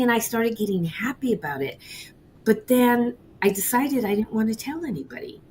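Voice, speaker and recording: A woman's voice: fairly high pitch, normal speed, slight background noise. A middle-aged woman, a baker, candidly telling a personal story on an interview show and acting out the voices of people she quotes. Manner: animated, acts out quoted voices. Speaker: guest, cheesecake baker.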